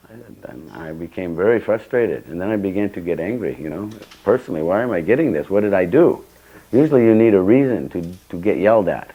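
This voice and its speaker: An older man teaches a scripture class in a temple hall, recounting personal stories and acting out the dialogue with sudden bursts of emphasis. His voice sits low and sounds mellow on a rough recording.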